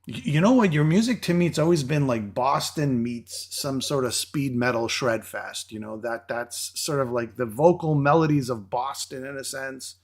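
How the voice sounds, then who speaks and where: A man's voice: mid-range voice, normal speed, hardly any pauses. A man hosting an interview in a casual, chatty way, joking along with his guest. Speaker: interview host.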